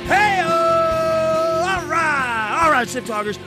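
A podcast host rants in a casual, swearing chat, his pitch leaping about as he builds to loud outbursts. Guitar music plays under the talk. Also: very animated, normal speed.

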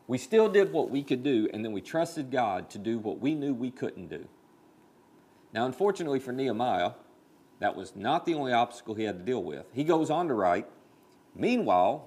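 A male pastor delivers a sermon in an animated storytelling manner. His pitch sits in a middle range but swings widely as he builds toward big points. He speaks directly to his listeners and makes the story feel personal.

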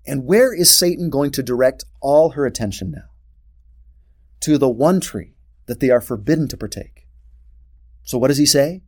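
Man teaching scripture, lively and expressive. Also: mid-range voice, normal speed, pauses often. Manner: expressive, asks rhetorical questions. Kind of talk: scripture lesson.

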